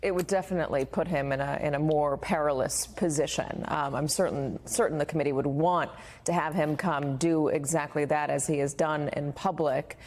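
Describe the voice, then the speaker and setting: A woman giving measured cable news analysis, pausing with frequent ums. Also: low voice, fairly even intonation, a little mellow, slight background noise. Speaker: news commentator.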